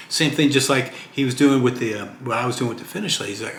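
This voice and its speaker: A man's voice: mid-range voice, fast, fairly bright tone. Chatty retired man, roomy echo. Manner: chatty, rambling, keeps asking "okay?". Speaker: retired vlogger. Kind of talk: casual talking-head vlog. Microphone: camera mic. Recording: roomy echo, faint hiss.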